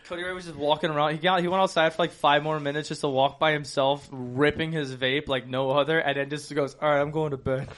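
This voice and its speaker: A man's voice: a little high, quick pace, hardly any pauses. A young man from Ohio, telling profane party stories in casual chat and acting out what others said. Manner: animated, profane storytelling with quoted voices. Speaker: podcast co-host.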